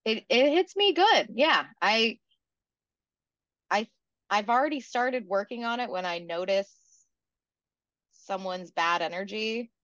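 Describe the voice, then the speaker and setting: A woman comedian chats on a podcast with a self-mocking, easily laughing manner. Her pitch moves a lot. The recording sounds dull and dry. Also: animated, takes it slowly, pauses often, a bit bright, no echo. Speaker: comedian guest. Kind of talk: casual podcast chat.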